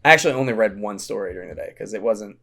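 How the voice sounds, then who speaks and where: A middle-aged man, a podcast guest, telling stories in an animated, casual way and acting out quoted voices. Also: rapid-fire, vocal fry. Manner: animated storyteller, acts out quotes in a high voice. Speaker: podcast guest, Renaissance fair founder and educator. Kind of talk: casual storytelling chat.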